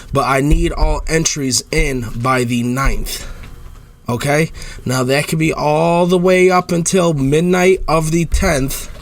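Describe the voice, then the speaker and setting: A man in his twenties hosting a casual solo podcast, talking earnestly in a rambling way with some swearing. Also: mid-range voice. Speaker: podcast host.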